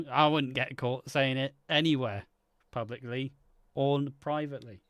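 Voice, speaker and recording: A man's voice: mid-range voice, fairly even intonation, measured pace, a bit bright, no room sound, studio quality. A man co-hosting a live watch party, chatting bluntly with frequent swearing and laughter. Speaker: co-host reacting to a soap episode. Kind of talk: casual watch-party chat.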